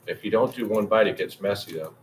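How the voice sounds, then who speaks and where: A low-pitched man chats loosely with his livestream audience, drifting between topics and swearing freely. He talks to viewers by name. A faint hum of room noise sits behind him. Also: fast, rough recording. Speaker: livestream host. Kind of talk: casual livestream chat with viewers.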